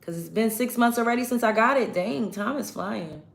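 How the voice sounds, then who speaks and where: A woman's voice: fairly high pitch, normal speed, vocal fry. A young woman from New York chatting casually with viewers on a livestream while doing her makeup. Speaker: livestream host.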